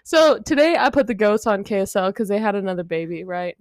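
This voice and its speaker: A woman's voice: mid-range voice, expressive, brisk, a little mellow, dry recording, studio quality. A young woman co-hosting a casual podcast, telling a story animatedly, swearing and laughing as she talks. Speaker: podcast co-host. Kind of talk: casual chat.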